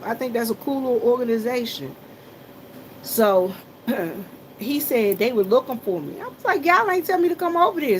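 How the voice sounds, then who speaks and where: A woman talks casually to her viewers, telling stories and greeting commenters by name. Her voice sits slightly high. A steady hum of background noise runs under her. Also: low-quality recording. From South Carolina. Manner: chatty storytelling, greets commenters. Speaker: vlogger working a gas station shift.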